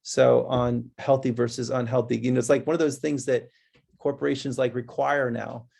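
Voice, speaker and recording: A man with a gravelly, darkish voice and little pitch movement gives a webinar, calling his listeners guys. His manner is conversational and restless, though his pitch changes fast whenever he mimics kids.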